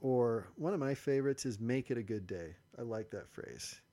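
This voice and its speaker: A man's voice: mid-range voice, normal speed, dark tone. Man explaining like a coach. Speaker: podcast host. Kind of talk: casual podcast chat.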